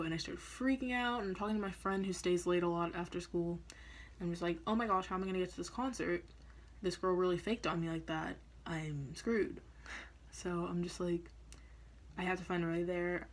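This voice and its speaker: A young woman vlogger telling a story in a casual, chatty way, often laughing and acting out what people said. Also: fairly low pitch. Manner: chatty, laughing, acts out quoted lines.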